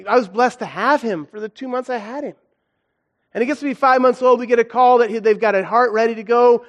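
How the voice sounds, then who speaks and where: A man's voice: sits high, a bit bright. A man in his thirties giving an earnest, conversational sermon built around a personal story, with his feeling rising and falling as he talks. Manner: earnest, conversational, emotional swings. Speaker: guest preacher.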